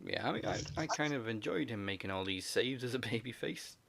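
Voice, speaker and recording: A man co-hosting a wrestling podcast, recapping the week's matches in a relaxed way and laughing often. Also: medium pitch, fairly quick, vocal fry. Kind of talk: casual recap of wrestling shows.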